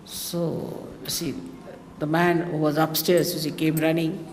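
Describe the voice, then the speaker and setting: A woman's voice: deep voice, normal speed, a little mellow, big-room sound, a little hiss or hum. A woman from India with an Indian accent, a spiritual teacher giving a chatty talk to her followers, full of anecdotes and wry asides. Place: large hotel hall.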